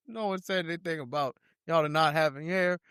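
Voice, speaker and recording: A man co-hosting a podcast, talking in loud, animated casual banter, often laughing. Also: fairly high pitch, moderate pace, smooth, no echo, studio quality. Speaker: podcast co-host.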